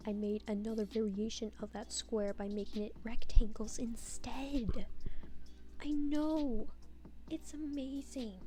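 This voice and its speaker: A woman's voice: medium pitch, mellow. A woman giving casual voiceover commentary on her own game build, rambling and self-deprecating with a sarcastic streak.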